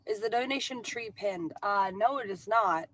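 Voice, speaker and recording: A woman's voice: mid-range voice, moderate pace, fairly bright tone. Chatty woman livestreaming. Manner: chatty, reads viewer comments aloud. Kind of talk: casual livestream chat.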